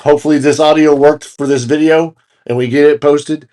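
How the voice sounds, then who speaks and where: A man's voice: fairly high pitch, steady tone, a little fast, mellow. A man co-hosting a casual podcast, joking around and swearing casually as he wraps up the episode. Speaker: podcast co-host. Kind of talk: casual chat.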